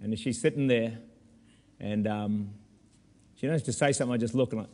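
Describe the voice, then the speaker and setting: A man preaching a sermon as pastor in a church, animated with humorous asides. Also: fairly low pitch, moderate pace, big-room sound, noisy background.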